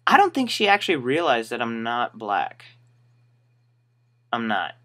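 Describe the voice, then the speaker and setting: Young man, vlog storytelling, bright sharp voice, rambling, wry, mid-pitched. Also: wildly swooping pitch, a little slow. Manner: rambling, wry, acts out the people in his stories. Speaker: retail shoe store worker.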